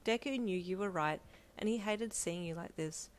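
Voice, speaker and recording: A woman narrating a second-person fanfiction romance, steady and gentle. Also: lowish voice, normal speed.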